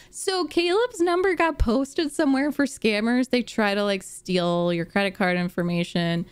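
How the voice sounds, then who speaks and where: Woman streamer, casual storyteller, giggly, unhurried delivery, dry close sound. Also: fairly high pitch, clean tone, dry recording. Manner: giggly, laughs often between lines. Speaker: gaming streamer.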